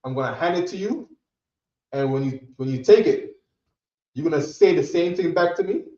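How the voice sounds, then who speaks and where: A man runs a classroom language lesson in a casual, coaxing way. He drills short words out loud and keeps checking that his students follow. The room sounds echoey and the recording is dull and lo-fi. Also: fairly high pitch, normal speed. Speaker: Hebrew language teacher.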